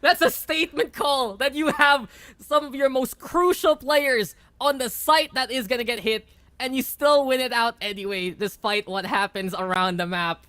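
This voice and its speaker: A woman's voice: high voice, normal speed, no room sound. A woman calling esports play-by-play, her voice surging on big plays. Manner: excitable, rises sharply on big plays. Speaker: esports caster. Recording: music playing behind.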